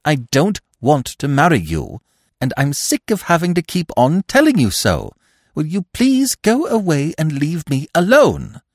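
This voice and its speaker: A man's voice: mid-range voice, huge pitch swings, moderate pace, darkish tone, dry recording, clean studio sound, voice pushed up. A man voicing a harassed, impatient young woman who talks in a tense, clipped, exasperated way.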